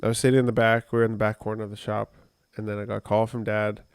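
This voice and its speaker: A man's voice: lowish voice, little pitch movement, rapid-fire, smooth, no room sound, studio quality. A man co-hosting a podcast, telling a personal story in a rambling, conversational way with many fillers. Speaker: podcast co-host. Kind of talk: casual podcast chat.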